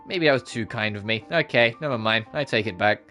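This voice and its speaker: A streamer voicing a cool, blunt young woman who speaks in a deadpan way, narrating her own story. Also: medium pitch, fairly quick, faint music behind, pitched below the performer's own voice, natural voice.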